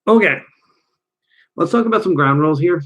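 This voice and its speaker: This is a man coaching his audience on relationships in a loose, conversational way. His voice sits a touch high for a man, and he keeps things lively by slipping into short acted-out quotes. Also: fairly quick. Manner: energetic, conversational, acts out little quoted voices. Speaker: dating coach. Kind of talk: direct-to-camera coaching talk.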